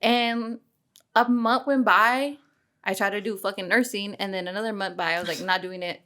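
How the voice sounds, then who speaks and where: A woman's voice: medium pitch, normal speed, pushed and bright. A young woman host chatting candidly about her beauty business, swearing freely and using slang. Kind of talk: casual chat.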